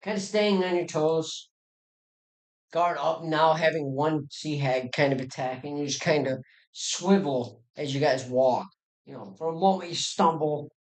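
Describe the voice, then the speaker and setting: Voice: mid-range voice, measured pace, poor audio. مدير لعبة طاولة يروي المشهد بأسلوب عفوي مرتجل، بصوت متوسط الطبقة، مع مؤثرات صوتية بالفم. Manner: casual, loose narration with restarts and sound effects. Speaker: game master. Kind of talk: narrating a tabletop game.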